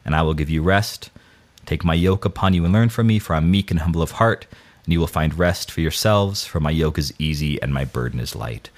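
A man talking casually about scripture and his own failings, self-deprecating, with many false starts and restarts. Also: deep voice. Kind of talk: casual faith talk.

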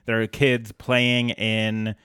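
Smooth-voiced wry podcast guy. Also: lowish voice, monotone, fairly bright tone, dry recording, clean studio sound. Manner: wry, easygoing, quick quips. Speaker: podcast co-host. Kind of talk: casual chat recapping a cartoon episode.

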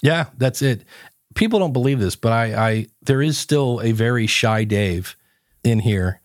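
A man's voice: mid-range voice, lively intonation, measured pace, dry recording, studio quality. A man guesting on a podcast, telling stories in a casual chat and acting out his own quotes.

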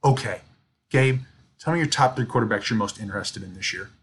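A man co-hosting a sports podcast, telling stories in an animated, ranting way. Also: fairly low pitch, fairly quick, husky. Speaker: podcast co-host. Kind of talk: casual sports chat.

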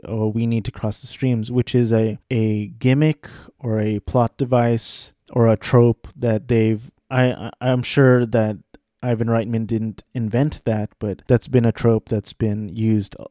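A man's voice: lowish voice, flat delivery, measured pace, mellow, no echo, studio quality. Rambling young man chatting about movies. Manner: rambling, self-correcting, offhand. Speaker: vlogger. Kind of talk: casual film chat.

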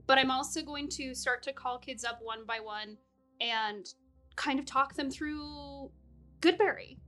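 A woman playing in a tabletop game, describing her character's actions in an animated, giggly way. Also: high voice, a little slow, soft background music. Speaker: player. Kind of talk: casual tabletop play.

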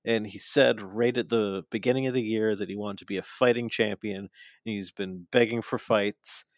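A man co-hosting a podcast, casually recapping a wrestling show and mocking the wrestlers' lines in quick asides. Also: on the low side, fairly even intonation, no room sound. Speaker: podcast co-host.

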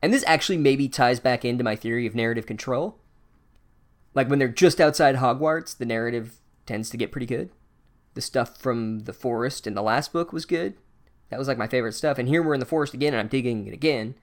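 A man's voice: medium pitch, brisk. A man runs a casual, comedic book recap in an ordinary mid-range voice. He rambles and swears freely. His running commentary is dry and sarcastic. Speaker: podcast host recapping a book.

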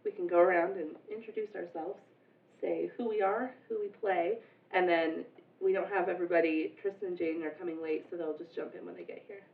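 A woman's voice: fairly low pitch, fairly even intonation, a little fast, vocal fry, a little hiss or hum. Sick lady hosting a podcast, far from the mic, echoey room, thin phone-like sound. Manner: chatty, laughing often. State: sick, congested. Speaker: podcast host and player. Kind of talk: casual group chat.

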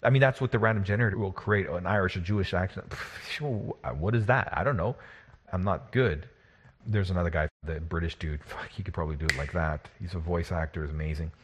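A man's voice: sits low, fast talker, a little hiss or hum. A man who runs tabletop games, talking in a rambling, casual way, with frequent restarts and laughs as he talks. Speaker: podcast co-host and game master. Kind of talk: casual chat.

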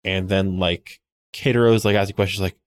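Rambling, low-voiced podcast man. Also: brisk. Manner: rambling, many "like" fillers, animated retelling with laughs. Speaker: podcast co-host. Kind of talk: casual chat recapping a TV episode.

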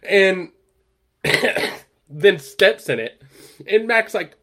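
A man co-hosting a podcast, rambling through a sitcom episode in a casual chat, with many fillers and louder acted-out quotes. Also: a little high, expressive, takes it slowly. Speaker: podcast co-host.

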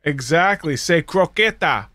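This podcast host jokes around and chats casually on a video call, sounding lively and animated. He speaks a little slowly in a slightly high voice, and there's no echo.

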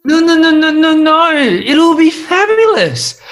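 A man playing a gushing, scatterbrained theatre director who flatters his cast. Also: very high voice, measured pace, full character voice.

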